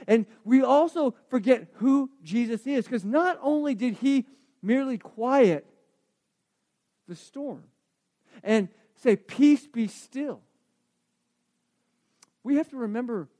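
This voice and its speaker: Male pastor with a very high voice, conversational sermon, hushed asides and loud emphatic points. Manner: conversational, repeats words and restarts.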